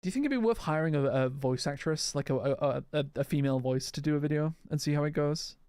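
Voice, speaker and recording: Male gaming creator, casual chatter, slightly high voice, clean and resonant. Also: fast talker, a little mellow, clear, resonant tone, no echo. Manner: rambling, answers chat, restarts often. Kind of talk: casual live gameplay chat.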